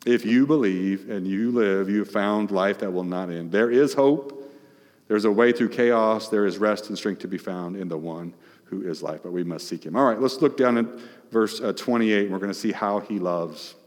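A male pastor preaching a sermon, asking the congregation questions, emphatic and shifting between loud and hushed. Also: fairly low pitch, normal speed, long reverb tail.

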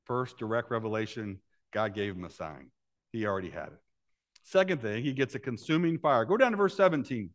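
A man's voice: medium pitch, animated, a little fast. A man preaching a sermon in a conversational way, often asking his listeners questions and acting out the voices of Bible characters. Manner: conversational, asks the congregation questions.

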